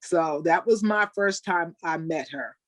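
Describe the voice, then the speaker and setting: An older woman, a Special Olympics athlete, telling animated stories in a webinar interview over a video call. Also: fairly low pitch, a little slow, no room sound. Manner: animated storyteller, acts out quoted people. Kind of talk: storytelling in an interview.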